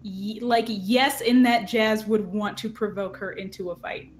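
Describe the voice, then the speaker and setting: Slow, hesitant woman chatting at a game table. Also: medium pitch, steady tone. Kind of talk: casual out-of-character chat.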